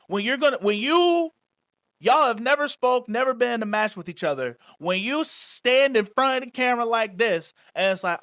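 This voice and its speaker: High-voiced man in casual podcast chat. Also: animated, moderate pace, fairly bright tone, no room sound. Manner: laid-back, explains at length, mimics interviews. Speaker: podcast co-host.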